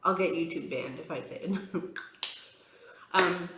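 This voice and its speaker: A woman's voice: on the low side, a little slow, roomy sound, very noisy. A woman tarot reader chatting casually on a vlog, rambling with lots of fillers, frank and exasperated as she talks. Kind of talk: casual chatty vlog while doing makeup.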